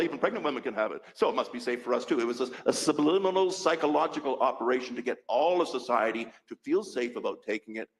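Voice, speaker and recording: Gravelly older man testifying earnestly. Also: medium pitch, low-quality recording. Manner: earnest and emphatic, repeating key figures. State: a little out of breath. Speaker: physician giving testimony. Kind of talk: testimony at a public hearing.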